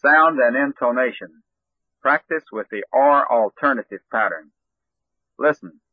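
Man reading a slow pronunciation drill. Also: mid-range voice, slightly rough, phone-quality sound. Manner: slow, careful model sentences with marked intonation. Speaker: language teacher.

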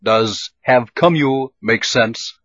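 A man giving measured, scripted instructions and questions for a language drill. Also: medium pitch, fairly bright tone, dry recording. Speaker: lesson prompter. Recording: dull lo-fi old tape recording.

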